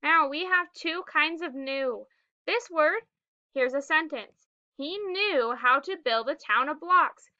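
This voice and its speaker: A woman teaching a phonics lesson to young children, slowly sounding out words and cueing the class to read and spell along. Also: high voice, pushed and bright, no echo, lo-fi sound. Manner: slow, clearly sounded-out words with prompting cues.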